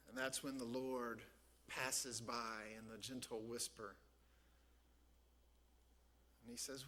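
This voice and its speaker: In church, a man preaching as pastor brings a Bible story to life, performing each character. He speaks in a mid-range voice, a little slowly, with long pauses.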